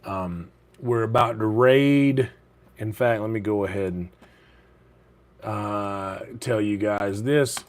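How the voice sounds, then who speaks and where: A man's voice: fairly low pitch, slow pace. A man streaming live from his home kitchen late at night, chatting casually and keeping his voice down so he won't wake his sleeping roommates. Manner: talks quietly so as not to wake sleeping roommates; casual and rambling, with fillers.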